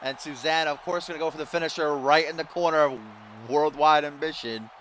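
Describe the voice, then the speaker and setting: A young man doing excited, exasperated play-by-play commentary while playing a wrestling video game, laughing at the mistakes. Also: fairly high pitch, brisk, a little hiss or hum. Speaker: gaming YouTuber.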